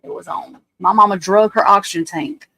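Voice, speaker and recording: A woman's voice: mid-range voice, steady tone, brisk, pushed and bright, poor audio. A woman, hosting a livestream and telling rambling, blunt, profane stories as she talks to her viewers. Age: 40s. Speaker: livestream host. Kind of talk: casual chat on a livestream.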